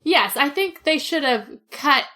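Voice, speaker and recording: A woman's voice: high-pitched, animated, a little slow, bright, forceful tone. Chatty woman podcast co-host. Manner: chatty, lots of "like" fillers, laughs often. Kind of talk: casual chat.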